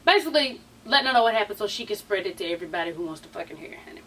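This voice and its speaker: A woman's voice: mid-range voice, animated, racing, a bit bright, a little hiss or hum. A tired woman recapping a reality show in a sassy, chatty gossip style, swearing freely and calling her viewers honey and child. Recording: voice somewhat far from the mic.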